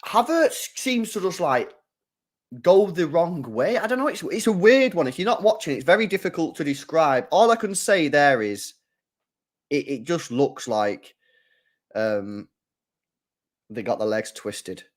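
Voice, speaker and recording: A young man hosting a live football watchalong, reacting to the match, talking to his chat and bursting into shouts and laughter. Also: a little high, a little slow. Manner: excitable, bursts into shouts and laughter, chats to viewers.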